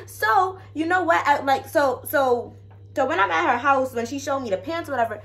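Young woman vlogger, a bit high-pitched, casual storytime, lively with muttered asides. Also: moderate pace. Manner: animated storytelling, frequent profanity and slang; drops to low asides to viewers.

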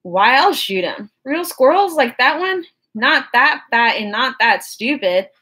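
Chatty country boy, friendly and easygoing, drawling, a touch higher than the reader's own voice, put on by a woman reading a storybook. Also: lively intonation, a little slow, sharp tone, husky, full character voice. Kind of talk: audiobook character voice.

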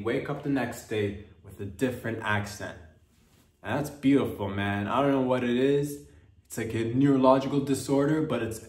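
A man's voice: mid-range voice, a little mellow, far from the mic. Man riffing playfully, roomy off-mic sound. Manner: playful, riffing, drifts into mock accents. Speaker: comedy podcast host. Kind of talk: rambling comedic monologue.

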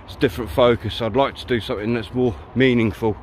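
Man, hiking vlogger, blunt and sweary, mid-pitched voice, faint noise outdoors. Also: steady tone, fast, darkish tone. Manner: chatty, blunt, swears freely. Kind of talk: casual walking vlog monologue. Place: outdoors on a riverside countryside path.

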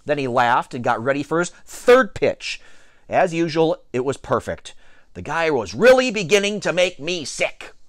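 A man reading a children's novel aloud with expressive storytelling and playful asides. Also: on the high side, dry recording, clean studio sound. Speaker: reader.

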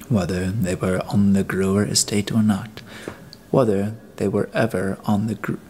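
A man reading an audiobook, voicing a stern, weary detective in a level, terse, deliberate way. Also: fairly low pitch, darkish tone, a little hiss or hum. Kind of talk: audiobook character voice.

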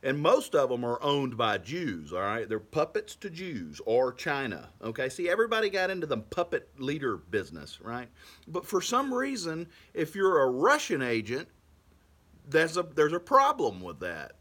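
A man's voice: medium pitch, huge pitch swings, normal speed, fairly bright tone. A man from Texas, rambling to camera in a casual monologue and laughing through his words often. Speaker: vlogger.

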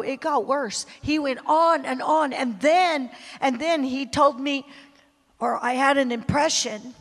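Slow, dramatic woman preacher in a hall. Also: high-pitched. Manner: confessional storytelling, emotional swings from hushed to loud. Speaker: missionary preacher. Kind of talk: sermon. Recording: long hall reverb.

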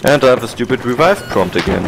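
A man from Germany in casual gaming chat, teasing in a dry, deadpan way while he plays. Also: mid-range voice, fast talker, creaky, background noise. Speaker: gameplay commentator. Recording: loud gunfire behind voice.

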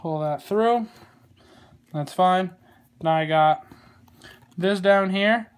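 A man giving a casual how-to tutorial on a glove, relaxed and rambling, with plenty of fillers and small jokes. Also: high voice, slow, clear, resonant tone. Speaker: glove maker demonstrating lacing. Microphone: phone camera.

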